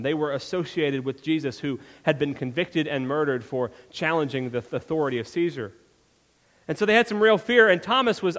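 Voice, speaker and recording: Man, pastor, conversational sermon, slightly high voice, long reverb of a church hall. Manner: conversational storytelling, animated when retelling scenes.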